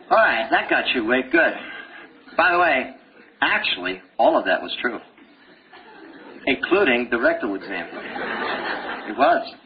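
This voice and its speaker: A middle-aged man lectures medical students live, his pitch swinging widely as he jokes and tells stories. The recording is dull and lo-fi, with a faint hiss underneath. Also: a little slow, long pauses, crowd noise. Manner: animated, jokey storytelling with laughs. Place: lecture hall.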